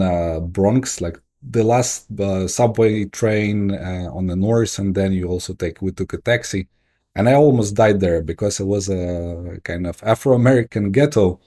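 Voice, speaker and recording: A Ukrainian-accented man speaks as a guest in a relaxed interview. His voice sits low and warm, and he tells stories in an animated, halting way, full of restarts. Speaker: guest, investor and entrepreneur. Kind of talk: casual interview storytelling.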